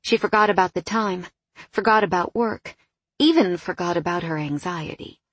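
Brief: audiobook narrator, woman, mid pitch, husky edge, dry close sound. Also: moderate pace, no echo. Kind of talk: scripted narration.

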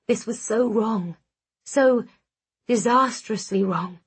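A woman reads a romance novel in the first person, her voice husky and breathy. She takes her time, unhurried and soft, with an intimate closeness. The dialogue is acted out within the narration. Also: fairly high pitch. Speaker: audiobook narrator.

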